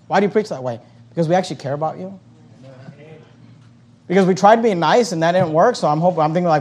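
A man's voice: high voice, quick pace, long pauses. Fervent, emphatic male pastor preaching. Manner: fervent, emphatic preaching that swings loud, then soft in prayer. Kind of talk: sermon.

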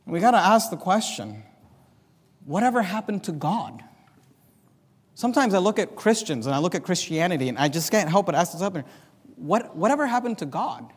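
Man, preacher, impassioned sermon, high pitch, long hall echo. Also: breathy edge. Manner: impassioned, swings between loud emphasis and quiet asides. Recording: long reverb of a large hall.

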